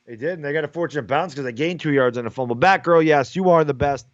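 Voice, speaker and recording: Chill guy co-hosting a sports stream, kinda high voice, dull lo-fi mic. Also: quick pace, no echo. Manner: laid-back banter with chat. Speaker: co-host streamer. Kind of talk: casual live commentary.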